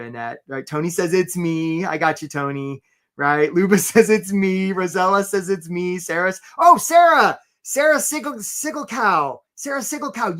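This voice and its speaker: A man hosting a live career webinar as a coach, energetic and upbeat, often tagging lines with "right?". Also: sits high.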